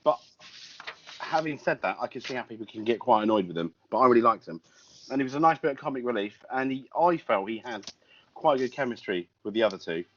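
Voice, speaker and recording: Man, podcast co-host, casual film chat, rambling restarts, medium pitch, lo-fi sound. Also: lively intonation, quick pace, fairly bright tone, a little hiss or hum. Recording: lo-fi podcast audio.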